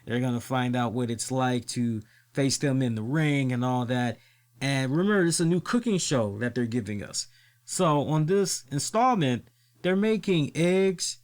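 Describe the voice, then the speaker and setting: A man hosting a casual wrestling podcast who swears freely, laughs often and tells stories with lots of energy. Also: mid-range voice. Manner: animated, profane, laughs often. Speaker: podcast host.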